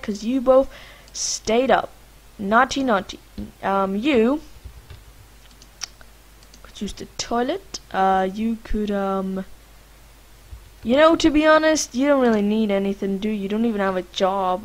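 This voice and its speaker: A young Lithuanian woman, a gaming vlogger, chats casually in let's-play commentary while playing a life-sim game, rambling, talking to her characters, and using lots of fillers. Her voice is mid-range, and the audio is poor.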